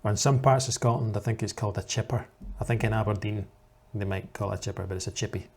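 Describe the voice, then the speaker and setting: A man's voice: lowish voice, fast, darkish tone, husky. A man in the role of an English teacher, giving reaction commentary for learners in a patient, explanatory way.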